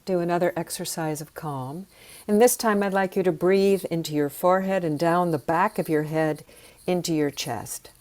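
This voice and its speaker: A woman teaching sound healing, leading slow, soothing breathing and voice exercises. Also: on the low side, darkish tone.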